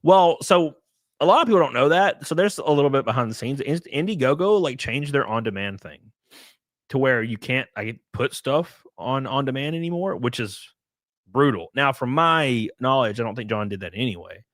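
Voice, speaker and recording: A man's voice: mid-range voice, animated, normal speed, a bit bright, dry recording. Guy streaming and reading chat, rambles a lot, voice jumps around, dead dry room. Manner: rambling, reads chat aloud, laughs often. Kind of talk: casual live-stream chat.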